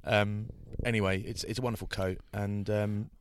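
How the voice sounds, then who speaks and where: A rugby broadcaster and podcast co-host chats casually in a lowish voice with little pitch movement and a moderate pace. He rambles through a story, putting on mocking voices to mimic the people who tease him. The sound is clean, with no echo.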